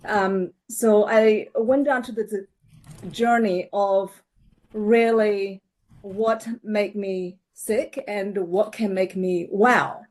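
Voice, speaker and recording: A middle-aged woman, a holistic health coach, introducing herself hesitantly with many pauses and soft laughs. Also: mid-range voice, steady tone. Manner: hesitant, many fillers and restarts, laughs often. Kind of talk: personal introduction on a panel show.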